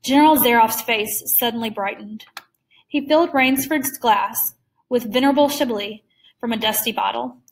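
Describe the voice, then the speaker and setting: A woman's voice: fairly high pitch, normal speed, recorded from a distance. Woman reading a story aloud. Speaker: reader. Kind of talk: read-aloud story narration.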